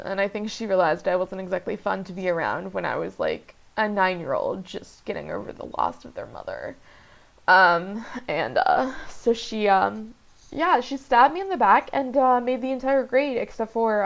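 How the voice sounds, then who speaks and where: A young woman hosting a let's play, talking candidly and haltingly with many fillers and some swearing. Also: medium pitch, creaky, lo-fi sound. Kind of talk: casual game commentary.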